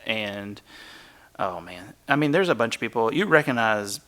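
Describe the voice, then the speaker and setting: A man's voice: lowish voice, lively intonation, moderate pace, pushed and bright. A man co-hosting a podcast in casual chat, rambling and laughing as he retells things. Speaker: podcast co-host.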